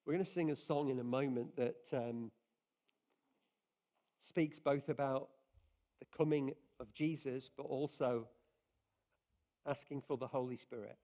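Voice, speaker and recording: A man's voice: mid-range voice, a little slow, pauses often, dark tone. A man preaching a sermon in an earnest, conversational way, often restarting his sentences as he talks to his congregation. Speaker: pastor. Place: church service.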